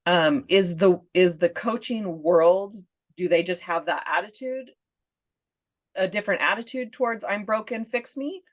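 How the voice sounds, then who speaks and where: A woman's voice: on the low side, measured pace. A woman hosting a coaching podcast, asking questions and chatting with a laugh. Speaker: podcast host and parenting coach. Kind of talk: conversational interview.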